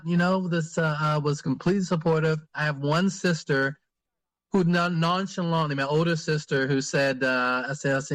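A man, a priest, answering interview questions in a halting way with many fillers and restarts. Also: fairly high pitch, a bit bright, no echo.

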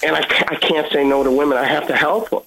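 Man, guest, personal testimony, earnest, halting, slightly high voice. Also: fairly even intonation, gravelly, bright, forceful tone, poor audio. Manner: earnest, halting, repeats words.

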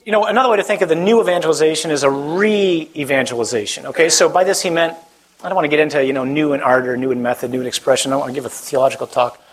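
Husky-voiced man preaching a lively sermon. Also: fairly high pitch, rapid-fire, poor audio. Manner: conversational, humorous, asks the audience questions. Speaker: priest. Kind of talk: sermon to a live audience.

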